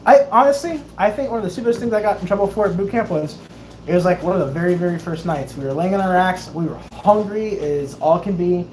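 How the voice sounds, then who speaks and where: A man's voice: high-pitched, fast, a little mellow, rough recording. A young man in his twenties, hosting a livestream and telling stories casually, laughing often and acting out the people he quotes. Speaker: livestream host, Navy sailor. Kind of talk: casual storytelling chat.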